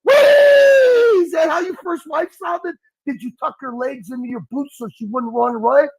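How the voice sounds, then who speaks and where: A man hosting a live call-in stream, mocking and taunting his caller, at times shouting like a mock preacher. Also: very high voice, normal speed, rough recording. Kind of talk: heckling call-in stream chat.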